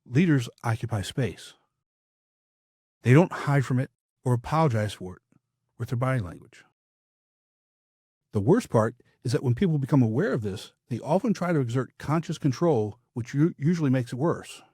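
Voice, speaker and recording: Husky-voiced male speaking coach. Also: mid-range voice, lively intonation, moderate pace, long pauses, warm tone, no echo, clean studio sound. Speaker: public speaking coach, podcast host. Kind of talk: scripted instructional podcast talk.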